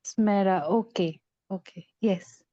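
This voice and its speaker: Soft-toned woman moderating an online class. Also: medium pitch, steady tone, takes it slowly, no echo. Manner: reassuring, calls on students by name. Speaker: class coordinator. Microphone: video call. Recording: dull online call audio.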